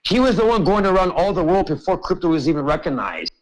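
A man's voice: high voice, expressive, fast, rough recording. A man hosting an open-mic group chat, ranting emphatically and swearing a lot. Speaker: host.

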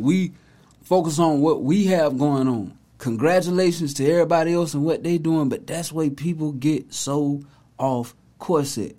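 A man's voice: on the high side, a little mellow. A man hosting a casual commentary video, talking in an emphatic, preachy, conversational way. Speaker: host, commentator.

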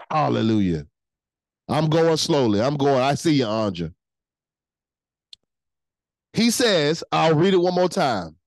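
A pastor delivers a livestreamed sermon with a lively, wide-ranging pitch that climbs and drops on key words. The sound is dry and close. The preacher repeats phrases for emphasis and calls out to the chat. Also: unhurried, long pauses, dry recording, poor audio.

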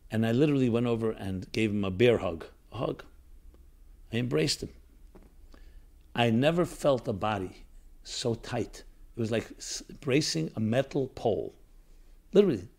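A man speaks in an earnest, reflective storytelling tone, as a teacher recounts a moment to his class. His pitch sits in the middle range, and he stops and restarts now and then as his thoughts come. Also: creaky, darkish tone.

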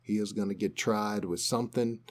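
A man's voice: lowish voice, steady tone, brisk. A man co-hosting a podcast, casually retelling a news story and acting out the quotes. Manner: conversational storytelling, acts out quotes. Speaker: podcast co-host.

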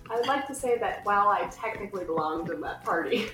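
A woman's voice: medium pitch, expressive, fast, fairly bright tone, soft background music. A young woman chatting casually in a giggly, earnest way. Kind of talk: casual chat. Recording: echoey room.

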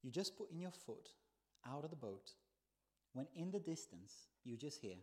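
A man preaching a sermon in a church, telling the story with lively swings between soft, hushed lines and loud exclaims. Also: on the high side, moderate pace, a little hiss or hum. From not from the country where he preaches.

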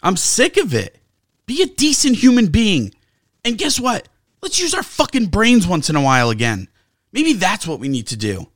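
Male sports-talk co-host, high voice, dry close mic, angry profane ranter. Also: wildly swooping pitch, moderate pace, a bit bright, no echo. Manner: profane, ranting, sarcastic. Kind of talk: heated sports talk rant.

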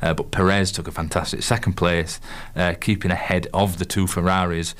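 A young man with a Yorkshire accent, co-hosting a casual sports chat show, talking in halting bursts full of fillers and restarts. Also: deep voice, little pitch movement, a bit bright. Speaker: co-host and quiz master.

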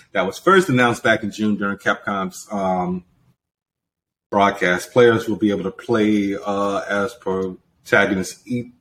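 A man's voice: on the low side, a bit bright, a little hiss or hum. A young man hosting a podcast, reading entertainment news in a casual, teasing, level-headed way. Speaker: podcast host.

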